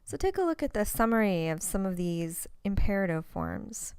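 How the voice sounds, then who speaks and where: A woman teaching a recorded language lesson, explaining step by step and saying example words slowly and carefully. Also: mid-range voice, big pitch swings, darkish tone, smooth, dry recording.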